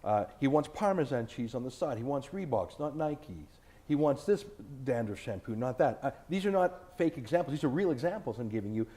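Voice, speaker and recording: A man's voice: mid-range voice, big pitch swings, brisk, warm tone. A man being interviewed as an author and TV host, arguing his points in an emphatic, combative way during a sit-down interview. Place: indoors, filmed interview.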